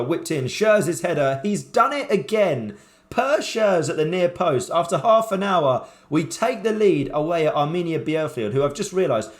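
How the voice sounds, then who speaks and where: A man narrating his football management save from his room at home, sounding casual and excitable. He calls the match like a commentator, lurching between hope and panic, with a voice of ordinary middle pitch. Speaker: gaming YouTuber playing a football management game. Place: home room with shelves and a cushion.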